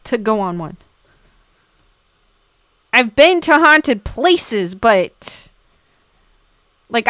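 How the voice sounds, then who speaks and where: A woman's voice: high-pitched, bright, forceful tone, clear, resonant tone, dry recording. A young woman hosting a casual livestream, reading viewer comments aloud and giggling often.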